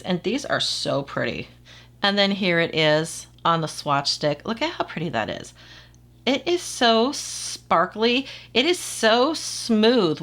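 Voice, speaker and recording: A woman's voice: medium pitch, a bit bright. A woman narrating a casual nail polish review, gushing and repeating her praise over and over.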